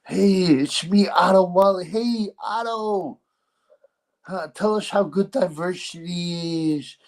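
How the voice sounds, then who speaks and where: Man doing a smug boxer bit: mock Dutch accent, raised pitch, slow, sing-song lecturing.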